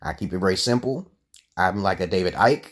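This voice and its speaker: A man hosting a livestream, ranting in a profane, rambling way, dropping to low mutters and then rising into loud outbursts. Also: lively intonation, fairly quick. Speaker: livestream host. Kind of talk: profane live-stream rant.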